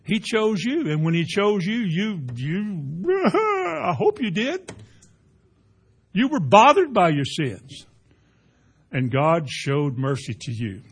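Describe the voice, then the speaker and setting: A man preaching a folksy sermon, rising to loud emphatic peaks. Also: on the high side, big pitch swings, slow, husky. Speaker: pastor.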